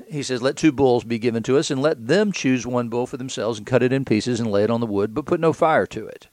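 A man's voice: mid-range voice, brisk, darkish tone, no room sound. A man reading scripture aloud and breaking into casual commentary with rhetorical questions, as a preacher.

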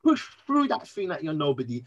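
Man, earnest, emotional, animated storyteller, slightly high voice. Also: fast talker, highs cut off. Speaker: podcast guest. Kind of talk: candid interview conversation.

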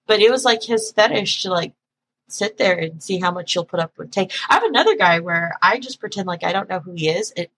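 A woman guest on a podcast, telling stories in a lively, joking way and acting out the people she talks to. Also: lowish voice, a little fast, husky. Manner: animated storyteller, acts out callers, laughs often. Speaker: podcast guest, phone sex operator. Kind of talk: casual podcast conversation.

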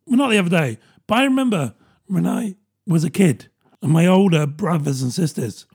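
A man's voice: a little high, darkish tone, husky. A British man in his thirties, rambling and self-mocking in a casual comedic monologue, laughing often. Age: 30s.

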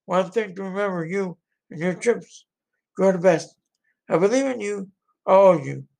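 A man's voice: high-pitched, normal speed, creaky, a little mellow. A man voicing an older male American president giving a rambling pep talk to a soldier in an amateur solo role-play. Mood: rousing.

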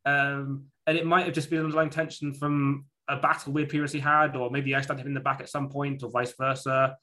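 Man, bright tense tone, casual chat co-host, rambling anecdote delivery with restarts. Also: medium pitch, little pitch movement, fairly quick. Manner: rambling storytelling with many restarts and fillers. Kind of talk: casual conversation.

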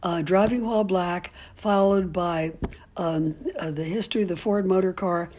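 A woman's voice: on the low side, steady tone, normal speed, a little mellow, slight background noise. An older woman, a great-grandmother, speaking as an interviewee in a candid, outspoken way, telling stories with frequent ums and restarts. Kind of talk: casual storytelling.

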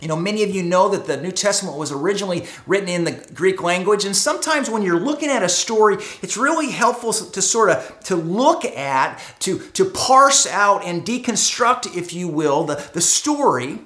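A pastor preaching a sermon, shifting between loud emphatic moments and quiet hushed ones, and repeating words for emphasis. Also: medium pitch, expressive, moderate pace, few pauses, roomy sound. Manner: dramatic, swings from loud to hushed. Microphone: streamed service mic.

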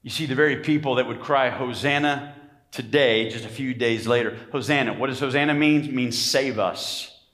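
In a church sanctuary, a male pastor preaches emphatically in a mid-range voice, talking quickly with few pauses. He calls for amens from the congregation, and his delivery rises to shouts.

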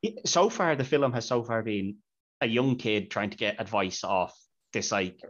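A man's voice: lowish voice, lively intonation, normal speed, fairly bright tone. A man hosting a podcast, chatting casually about a film and retelling scenes with quoted lines. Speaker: podcast host. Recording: dull lo-fi podcast audio.

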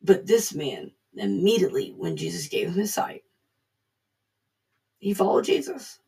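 Casual bible devotion talk, earnest, raspy and a bit breathy, repeats stuff for emphasis. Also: mid-range voice, wildly swooping pitch, unhurried, warm tone. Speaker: devotional speaker. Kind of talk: informal devotional preaching.

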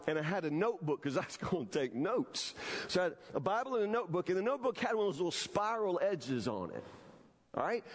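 A male pastor preaching a sermon, telling a personal story with repeated phrases and checking in with the congregation. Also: high voice. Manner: storytelling, repeats phrases, asks the room "you understand?". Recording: long hall reverb.

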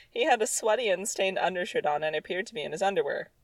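A woman's voice: mid-range voice, expressive, fast, few pauses, no room sound, low-quality recording. A woman reading her own childhood story aloud, with sarcastic, exasperated comic asides. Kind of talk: comedic reading with commentary.

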